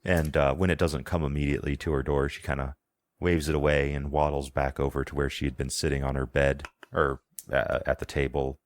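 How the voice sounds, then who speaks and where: A man narrating a tabletop role-playing game as game master, in a casual, halting way. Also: a bass voice, level tone, no room sound. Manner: casual, halting, lots of fillers and laughs.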